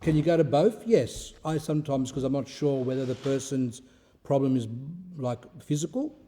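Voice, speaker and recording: Mellow-voiced priest telling stories conversationally. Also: male voice, medium pitch, normal speed. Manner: conversational storytelling with rhetorical questions; repeats and restarts phrases. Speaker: Orthodox priest. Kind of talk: informal spiritual talk.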